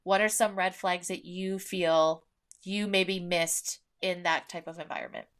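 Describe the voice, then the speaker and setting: A woman's voice: on the low side, a little slow. A woman in her thirties hosting a podcast in casual chat. She talks candidly and swears freely, with many fillers. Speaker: podcast host.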